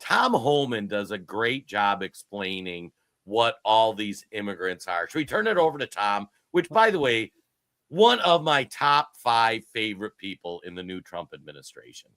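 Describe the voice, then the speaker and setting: A fifty-year-old man co-hosting a casual political podcast, talking in an excitable, joking and emphatic way. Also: fairly low pitch, moderate pace, no echo. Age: 50s. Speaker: podcast co-host.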